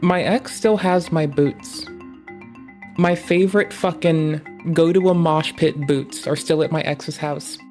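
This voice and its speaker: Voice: medium pitch, steady tone, takes it slowly, darkish tone, soft background music. A streamer chatting casually while reacting to a video, rambling, joking and swearing freely. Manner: rambling, profane, playful. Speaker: live streamer.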